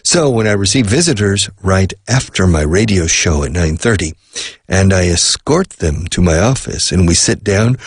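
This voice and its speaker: A man's voice: low voice, expressive, moderate pace, breathy edge, dry recording, clean studio sound. A middle-aged man hosting a radio show and teaching English, chatting casually, dropping in phrases and laughing often. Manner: chatty, mixes Spanish glosses, laughs often.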